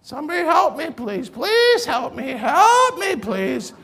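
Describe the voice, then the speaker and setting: A woman's voice: high voice, very animated, unhurried, a bit bright, voice pushed up, full character voice. A man voicing a distressed elderly woman in a rest home who keeps crying out for help. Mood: pleading. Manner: wailing, pleading, repetitive.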